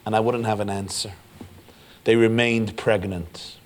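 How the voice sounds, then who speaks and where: A man giving a storytelling sermon as keynote speaker, acting out the dialogue of the people in his tale and building to loud peaks. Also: lowish voice, steady tone, measured pace, background noise. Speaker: rabbi giving a keynote address. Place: large hotel event hall.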